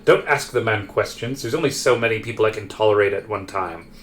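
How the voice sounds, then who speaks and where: A man's voice: on the low side, a little fast, a bit bright, slight background noise, natural voice. A man voicing Lucas, a young man of about twenty-three who keeps his group in line and talks curtly and scornfully. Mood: stern. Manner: scornful, curt. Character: young man around 23, stern group enforcer.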